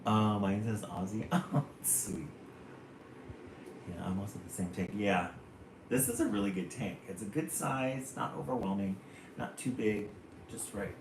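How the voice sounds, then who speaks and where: A man hosting a live stream, reading children's poems aloud in a playful way. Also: fairly low pitch. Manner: slow, playful, chuckling between poems. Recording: roomy room, faint hum.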